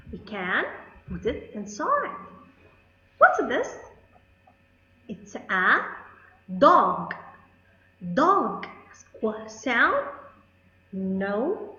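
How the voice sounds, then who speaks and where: Woman, phonics teacher, very slow and drawn out, roomy lo-fi recording. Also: on the high side, very animated, sharp tone. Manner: slow, drawn-out sounding of letters, with questions to pupils. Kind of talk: phonics lesson for children.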